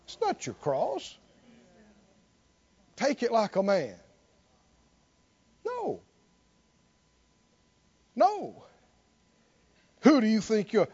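A man preaching a sermon in call-and-response style, building to near shouts. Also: extremely high pitch, sing-song, unhurried, pauses often, dull audio.

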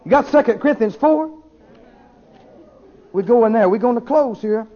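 A man preaching a sermon, swinging between shouted declarations and quiet asides. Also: very high-pitched, animated, moderate pace, a faint crowd. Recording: dull lo-fi sermon recording.

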